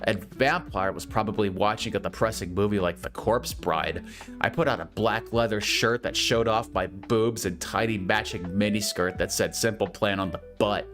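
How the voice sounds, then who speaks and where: Low-voiced man mocking a bad story. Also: moderate pace, fairly bright tone, soft background music. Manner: incredulous, mocking asides. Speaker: reader. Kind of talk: comedic dramatic reading.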